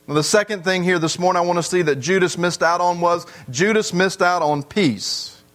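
A pastor delivering a sermon to his congregation in church, earnest and repetitive, with long drawn-out pauses. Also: high voice, fairly bright tone.

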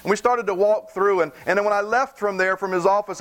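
A man's voice: high voice, steady tone, brisk, hardly any pauses, fairly bright tone. A middle-aged man preaching a sermon in an earnest way, often repeating words as he starts a phrase.

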